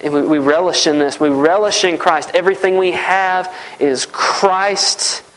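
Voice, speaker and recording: A man's voice: high voice, measured pace, a bit bright, low-quality recording. A man preaching a sermon, earnest and repetitive, often voicing heartfelt prayers aloud.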